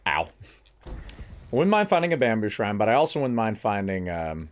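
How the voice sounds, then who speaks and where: Let's-play host: man, lowish voice, very lively pitch, playful and jokey commentary. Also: moderate pace. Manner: playful, jokey, talks to game characters. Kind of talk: casual gameplay commentary.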